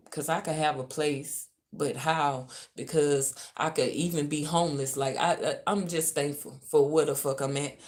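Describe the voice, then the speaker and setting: Brief: Louisiana woman, spiritual reader venting on a live stream, deep, slow, cussing, drops to mutters then flares up. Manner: profane, venting, swings from muttering to loud. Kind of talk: ranting livestream. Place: hotel room.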